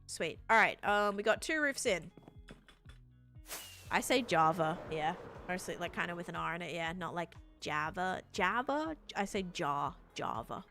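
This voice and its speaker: A woman's voice: lowish voice, normal speed, pauses often, pushed and bright, soft background music. A young woman with an Australian accent chatting casually on a live stream, reading and answering chat while building in a game.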